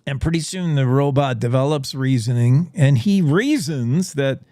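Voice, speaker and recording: A man's voice: medium pitch, expressive, moderate pace, hardly any pauses, warm tone, no room sound, clean studio sound. A man hosting a radio morning show, playfully spinning speculative stories. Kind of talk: talk radio monologue.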